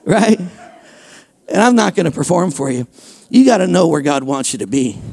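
A man preaching a sermon as pastor in a church, animated and rising to shouts. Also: on the high side, moderate pace, creaky.

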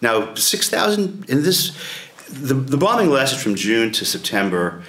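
Slow, lively-voiced man leading a class. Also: mid-range voice. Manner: conversational, clears throat often, poses questions to the class. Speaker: adult education class leader. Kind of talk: informal lecture with storytelling. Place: church meeting room. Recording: echoey church room.

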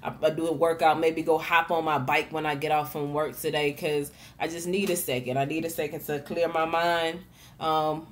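A woman's voice: deep voice, level tone, normal speed, slight background noise. A woman giving a casual motivational tarot reading in a frank, profane, encouraging way, often repeating and restarting her words. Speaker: tarot reader and vlogger.

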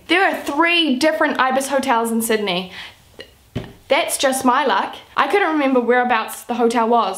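A young woman from New Zealand chats to camera in a bright, high voice, telling a story at an easy pace. She peppers almost every sentence with "like," keeping the tone loose and casual. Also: moderate pace. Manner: chatty, says "like" constantly. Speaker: vlogger.

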